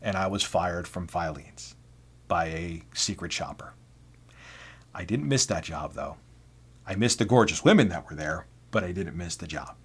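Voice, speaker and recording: A man hosting a video and telling a personal story. His delivery is casual and animated, and he swears freely. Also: low voice, moderate pace, husky. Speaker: video host.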